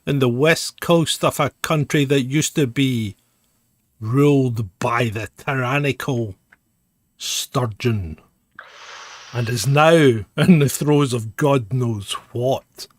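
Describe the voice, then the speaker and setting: A man co-hosting a casual podcast, telling stories with animated impressions of friends. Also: mid-range voice, slow, dry recording, clean studio sound. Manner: animated storyteller, mimics a friend's voice. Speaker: co-host.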